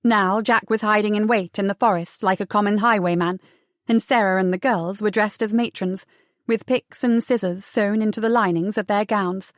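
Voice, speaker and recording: A woman narrating a novel as an audiobook with a measured, expressive reading. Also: medium pitch, dry recording, clean studio sound.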